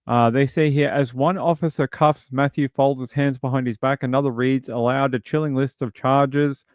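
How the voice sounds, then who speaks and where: A man's voice: medium pitch, fairly even intonation, moderate pace, no echo. Uk guy chatting thru a true crime stream, mid voice, kinda rambly, dry mic. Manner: rambling, reads chat aloud. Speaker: streamer host. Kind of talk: casual livestream commentary.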